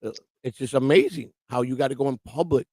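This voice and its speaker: A man's voice: mid-range voice, fast talker, dark tone, husky, dry recording. A man hosting a morning livestream, ranting casually with lots of swearing and mocking quotes of other people. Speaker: livestream show host. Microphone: livestream microphone.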